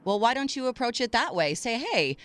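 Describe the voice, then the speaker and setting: A woman's voice: a little high, expressive, brisk, no room sound. A woman co-hosting a relationship advice radio show, direct and reassuring, often cutting in on her co-host.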